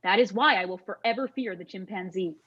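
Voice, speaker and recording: A woman's voice: mid-range voice, a little fast, a bit bright, slightly rough, dull audio. A young actress playing an earnest young woman terrified of chimpanzees, speaking in an overly formal, dramatic manner. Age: young adult. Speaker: actor in a student comedy sketch. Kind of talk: stage comedy dialogue.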